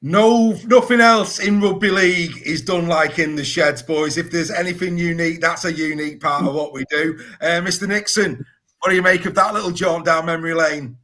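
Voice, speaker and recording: A man's voice: fairly high pitch, normal speed, fairly bright tone. A man hosting a sports podcast, blunt and exasperated, with folksy sayings. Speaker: podcast host. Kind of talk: casual sports podcast chat.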